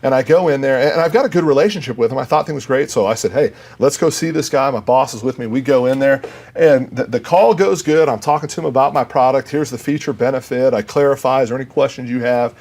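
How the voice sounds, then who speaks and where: A man who works in sales appears as a guest on a podcast for a casual interview chat. He talks fast in a medium-pitched, darkish voice, telling earnest stories and quoting himself and the other people in them.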